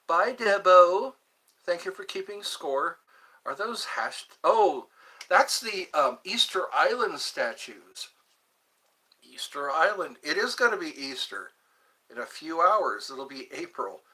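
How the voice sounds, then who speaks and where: Lively, bright-voiced man in his fifties. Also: fairly high pitch, takes it slowly, pauses often, breathy edge, poor audio. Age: 50s. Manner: reads viewer comments aloud and chats back to them; playful, jokey. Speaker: live stream host. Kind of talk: casual live-stream chat.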